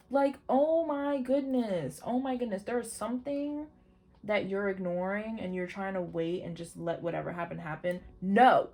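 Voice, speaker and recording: Excitable woman giving a chatty tarot reading. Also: mid-range voice, moderate pace. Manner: chatty, excitable, swears casually, exclaims often; addresses viewers directly with pep talk. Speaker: tarot reader. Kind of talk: casual tarot reading to camera.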